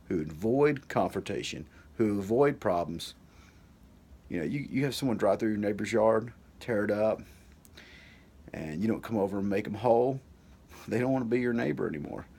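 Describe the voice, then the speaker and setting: Man, storyteller. Very low voice, creaky fry, rambling delivery with lots of fillers. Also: mellow. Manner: rambling, fillers like "like" and "you know". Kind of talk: personal storytelling.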